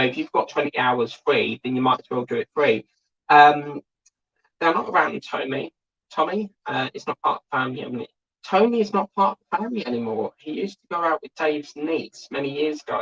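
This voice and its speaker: This man's medium-pitched voice is creaky and a bit bright, with a breathy edge, heard through lo-fi sound. Hosting a model-building livestream, he rambles casually and reads viewer comments aloud.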